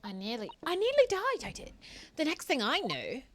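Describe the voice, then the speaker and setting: A woman voicing a young, scrappy street girl from London with a put-on cockney accent, telling her story in quick, nervous bursts. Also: high voice, huge pitch swings, fairly bright tone, a little hiss or hum, pitched above the performer's own voice, full character voice.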